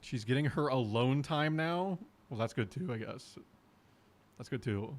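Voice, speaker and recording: Brief: young man, casual streamer chat, easygoing and quick to laugh, mid pitch. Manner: laid-back, excitable, laughs easily.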